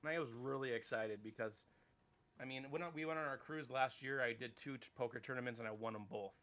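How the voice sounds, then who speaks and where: A man in his thirties co-hosting a podcast in casual chat, rambling and animated, with casual swearing. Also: medium pitch, a little fast.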